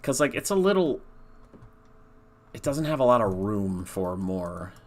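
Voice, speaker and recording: A man's voice: lowish voice, big pitch swings, measured pace. A man casually commenting on his own game during a livestream, rambling and laid-back, with the odd swear. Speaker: game developer streamer.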